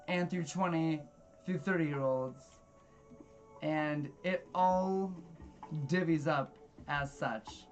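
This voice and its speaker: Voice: medium pitch, lo-fi sound. A person in their thirties giving casual gameplay commentary, blunt and forward, self-described as socially awkward, who laughs often. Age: 30s. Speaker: let's play gamer.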